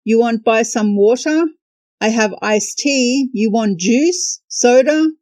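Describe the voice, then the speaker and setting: A woman's voice: a little high, slow pace, dry recording. Woman putting on a grinning old drink seller man. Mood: eager. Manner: broken English, bright and eager. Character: cheerful little old male drink seller.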